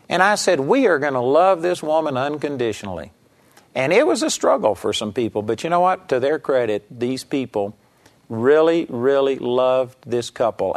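A middle-aged male pastor preaching a broadcast sermon with an animated, storytelling delivery. His pitch climbs sharply when he quotes people and sinks low and quiet when he drives a point home. He has an average-pitched voice. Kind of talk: radio sermon teaching.

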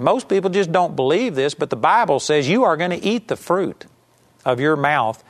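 Earnest male preacher. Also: medium pitch. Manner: earnest preaching, reads scripture slowly with emphasis. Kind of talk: sermon.

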